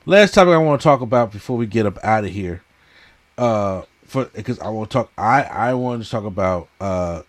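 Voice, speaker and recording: A man's voice: on the low side, lively intonation, normal speed. Man, podcast co-host, casual chat, stammering, repeats words.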